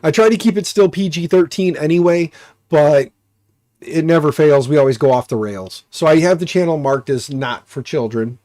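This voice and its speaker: A man's voice: on the high side, normal speed, a little mellow, no room sound, studio quality. A man with an American accent and a stuffy, nasal voice, hosting a casual live stream and rambling with jokes and fillers. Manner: rambling, joking, many fillers. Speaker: livestream host.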